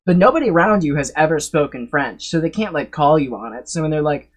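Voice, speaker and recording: A man's voice: a little high, expressive, fast, husky. A man streaming live, rambling through reaction commentary, swearing freely and laughing often as he talks.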